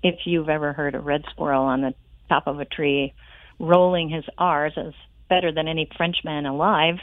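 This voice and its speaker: A woman author with a low voice speaks over a tinny telephone line in a radio interview. She reads aloud and chats in a friendly way, laughing easily, and the sound is dry. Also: fairly even intonation, moderate pace, dry recording. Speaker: children's author and guest.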